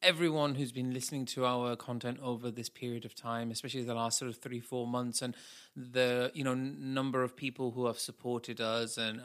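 Man, podcast co-host, bright crisp voice, jokey and teasing. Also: medium pitch. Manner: playful, teasing, puts on silly accents. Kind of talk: casual podcast chat.

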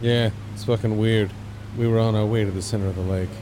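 A man narrating a comedic audio drama in a deadpan, crude manner. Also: fairly low pitch, brisk, in a large hall, noisy background. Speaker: narrator and lead performer.

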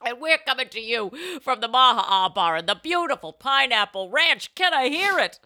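A bright, high-pitched woman bantering on a comedy podcast. She swings her voice widely and bursts into loud, laughing asides. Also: lively intonation, moderate pace, dry recording, studio quality. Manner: loud, laughing, theatrical outbursts. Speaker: podcast co-host.

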